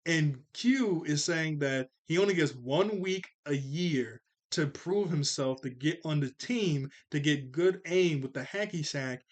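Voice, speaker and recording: A young man with a fairly high voice runs through a cartoon episode in a casual, chatty way. He laughs often, sounds playful and gets animated when he makes his points. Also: measured pace, hardly any pauses. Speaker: cartoon reviewer.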